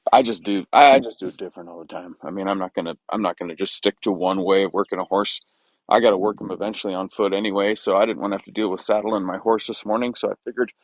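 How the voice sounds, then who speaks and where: A man's voice: fairly low pitch, dry recording. A young man training a horse in a round pen, explaining casually with lots of fillers and restarts. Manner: relaxed, rambling with many fillers and restarts. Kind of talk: casual explanation while working.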